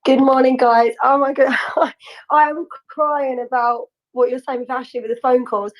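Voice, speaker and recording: A woman's voice: sits high, steady tone, moderate pace, poor audio. A woman joining a live audio chat, bubbly and laughing as she tells stories. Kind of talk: casual chat.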